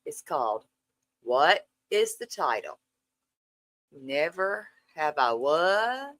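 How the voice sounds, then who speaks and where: A woman's voice: low voice, big pitch swings, takes it slowly, a bit bright, dry recording. A woman hosting a casual live stream, greeting viewers in a sassy, profane, playful way. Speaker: livestream host. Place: dark room at home.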